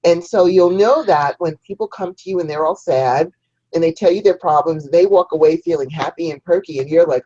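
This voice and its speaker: A woman's voice: on the low side, moderate pace, warm tone, highs cut off. A woman hosting a spiritual talk show, teaching listeners step by step about energy work. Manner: instructive, guides listeners through a ritual. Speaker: host.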